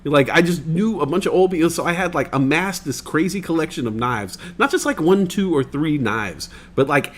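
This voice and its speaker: A young man chatting on a livestream, his voice fairly high and bouncing all over the place as he tells a story. He swears freely and keeps slipping into the voices of the people in it. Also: normal speed, hardly any pauses. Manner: animated, swears often, acts out quoted voices. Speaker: stream co-host. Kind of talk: casual storytelling chat.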